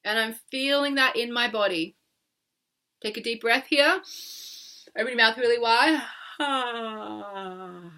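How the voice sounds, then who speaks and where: Slow, bright-voiced woman coaching tapping. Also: fairly high pitch. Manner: coaxing, exaggerated delivery. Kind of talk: guided tapping session.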